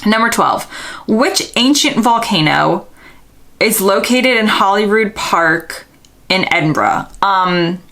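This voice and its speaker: A woman's voice: medium pitch, expressive, slow, fairly bright tone. A young American woman vlogger, casually thinking aloud and second-guessing herself while answering quiz questions. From United States.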